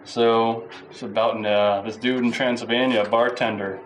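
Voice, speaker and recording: A man's voice: mid-range voice, little pitch movement, normal speed, slight background noise, low-quality recording. A man casually telling a joke in a loose, rambling way with fillers.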